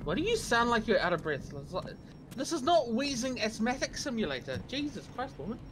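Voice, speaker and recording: Woman gamer teasing her buddy, bouncy voice, loud music behind. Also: fairly high pitch, very animated, brisk. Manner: teasing, exclaiming, swearing. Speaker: co-player friend. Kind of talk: casual gaming chat.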